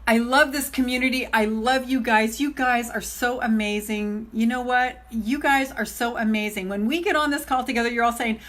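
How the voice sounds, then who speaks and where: A middle-aged woman and self-love coach talking casually on a live stream, gushing and excitable, laughing often as she speaks straight to her viewers. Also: a little high, normal speed, hardly any pauses.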